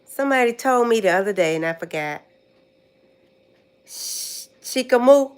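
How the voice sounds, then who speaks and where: An older American woman on a casual livestream, talking in a relaxed, chatty way. She goes over words again and again as she recalls them, with a voice of ordinary middle pitch. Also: quick pace, clear, resonant tone. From United States. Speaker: vlogger.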